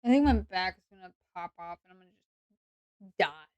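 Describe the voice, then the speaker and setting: A woman's voice: fairly low pitch, expressive, a little mellow, clean tone, dry recording, highs cut off. A woman with an English accent, chatting sarcastically and playfully on a role-play stream. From England. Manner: sarcastic and playful, quick asides.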